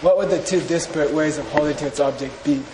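A man's voice: fairly high pitch, quick pace. A man teaching a class on Buddhist philosophy, talking casually, joking with the students and leading them in group recitation. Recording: echoey room with background noise.

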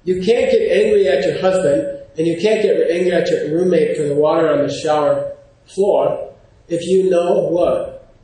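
A man giving an informal, animated lecture, often pausing to check in with his class. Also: fairly high pitch. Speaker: teacher. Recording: very echoey room.

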